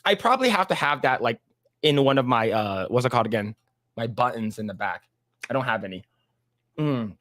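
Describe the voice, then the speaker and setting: A man's voice: mid-range voice, lively intonation, fairly quick, a bit bright, no room sound, studio quality. A man hosting a casual livestream chat, rambling and laughing often. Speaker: podcast host.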